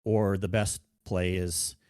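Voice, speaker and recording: A man guesting on a gaming podcast, calm, patient and soft-spoken. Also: low-pitched, slow, dry recording, studio quality. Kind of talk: casual gaming podcast chat.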